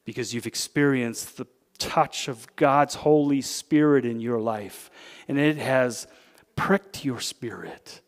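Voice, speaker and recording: A man with a Canadian accent, a pastor preaching a sermon, who swings from loud, emphatic peaks down to hushed, intimate asides. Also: mid-range voice, takes it slowly, pauses often, big-room sound. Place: church sanctuary.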